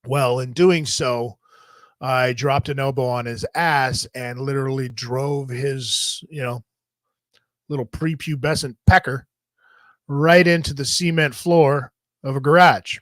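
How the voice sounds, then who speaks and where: A man's voice: mid-range voice, fairly even intonation, a little slow, no echo. A man hosting a talk show, telling a story in a casual, profane and jokey way. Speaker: host.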